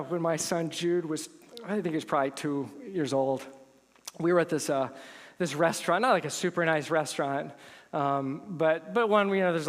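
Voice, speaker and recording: A man preaching a sermon as pastor, telling stories in an animated way that swells into emphatic intensity. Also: a little high. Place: church sanctuary. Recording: long reverb of a church hall.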